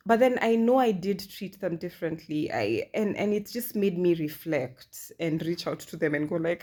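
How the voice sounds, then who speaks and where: Low-voiced woman in her 30s, chatty honest vlog talk, wry jokes. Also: expressive, normal speed, few pauses, mellow. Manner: candid, chatty, self-deprecating humor. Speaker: vlogger. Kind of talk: reflective personal vlog.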